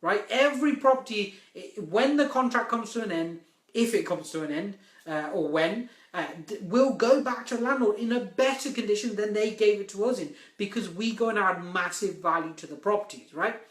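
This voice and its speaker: A man's voice: sits high, moderate pace, echoey room. A man giving a live-stream coaching talk on property investment, emphatic and repeating his key points.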